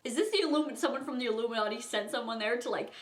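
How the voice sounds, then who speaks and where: A woman's voice: a little high, rapid-fire. A young woman telling a casual storytime vlog, chatty and full of fillers, often breaking into giggly asides. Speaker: vlogger. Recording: echoey room.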